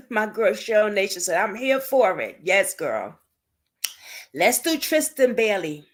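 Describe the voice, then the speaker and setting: Slow-talking woman chatting to her stream. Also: mid-range voice, sing-song. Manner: chatty, talks straight to viewers and reads out comments. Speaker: livestream host discussing unsolved cases. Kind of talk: casual live-stream chat. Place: at home at night.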